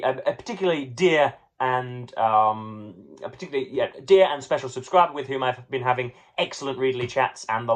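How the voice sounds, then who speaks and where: Wordy, mock-grand young male book vlogger. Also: medium pitch. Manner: wordy, playful, mock-grand phrasing with many ums and restarts. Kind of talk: casual chat to camera.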